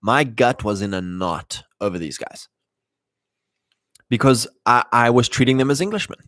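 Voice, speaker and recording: A man's voice: medium pitch, animated, moderate pace, a bit bright, dry recording, clean studio sound. A man hosting a podcast, talking in a casual, rambling monologue with many restarts and mocking put-on voices.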